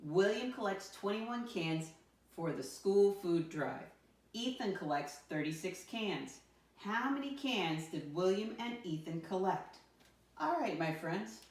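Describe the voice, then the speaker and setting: A woman's voice: medium pitch, expressive, unhurried, darkish tone. A woman teaching a math lesson to young children in a sing-song teacher voice, counting aloud and calling them "my friends". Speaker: first grade teacher. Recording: roomy sound from a distant mic.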